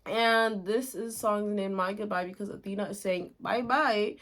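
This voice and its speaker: A woman talks straight to her viewers in a loose, chatty way, dropping "like" into almost every sentence and laughing between lines. Her voice sits at an ordinary middle pitch. Her storytelling is animated, with quick asides as she goes. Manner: chatty and giggly, heavy use of "like". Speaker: video host recapping a musical. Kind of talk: casual chat.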